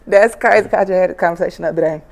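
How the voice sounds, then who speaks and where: A woman's voice: medium pitch, creaky. A woman of twenty-five, a rapper, chatting casually and bluntly in an interview, swearing freely and laughing as she tells stories. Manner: blunt, profane, laughs while telling stories.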